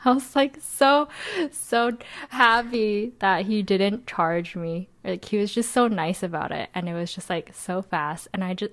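A woman's voice: medium pitch, dry recording. A young woman co-hosting a podcast, telling a rambling story in casual chat, full of "like"s and laughter. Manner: chatty, rambling, many "like"s, laughs often. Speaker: podcast co-host.

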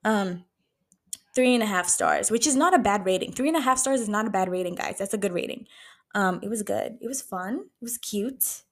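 A woman's voice: medium pitch, moderate pace. A woman in her twenties hosting a casual solo podcast, chatting emphatically, swearing freely and filling her talk with "like" and "bro". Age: 20s. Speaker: podcast host.

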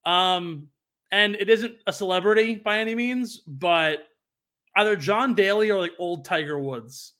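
A man's voice: high voice, a little slow, bright, forceful tone. A young man co-hosting a podcast, chatting casually and telling a story with lots of fillers and restarts. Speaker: podcast co-host. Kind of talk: casual chat.

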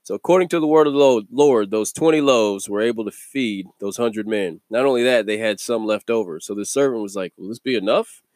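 A man hosting a daily devotional video, teaching from the Bible in a relaxed, conversational way and chuckling between thoughts. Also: lowish voice, a little fast, hardly any pauses, dry recording, studio quality.

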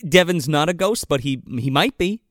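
A man's voice: a little high, moderate pace, no room sound, clean studio sound. A man chatting casually about a movie he watched, swearing a lot and acting out the characters' lines. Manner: animated, profane, acts out characters' lines. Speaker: podcast co-host. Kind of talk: casual movie review chat.

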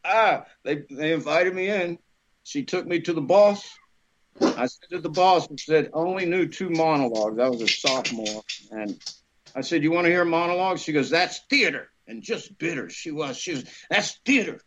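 A middle-aged man with a slightly high voice tells a long story in a casual, animated way. He acts out the other people in the story by raising his voice. The sound is a little dull and lo-fi. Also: normal speed, noisy background. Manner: animated, acts out the women he quotes in a raised voice. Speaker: actor telling a career story.

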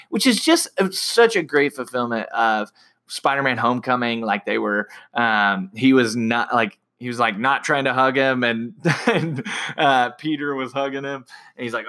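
Young male film fan, bright tone, rambling and excitable. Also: mid-range voice, unhurried. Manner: excited, rambling with many fillers and restarts. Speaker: movie reviewer. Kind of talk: casual movie recap.

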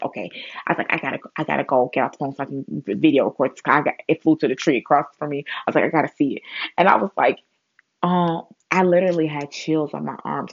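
A woman speaking in a casual spiritual vlog, rambling with many fillers and restarts, and getting animated as she retells a story. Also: low-pitched, creaky, slightly rough, dry recording, dull audio.

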